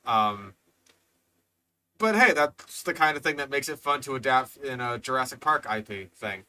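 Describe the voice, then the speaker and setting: A man's voice: medium pitch, expressive, moderate pace, pushed and bright, a little hiss or hum. A man hosting a reaction video, exasperated and swearing, rambling with fillers as he comments.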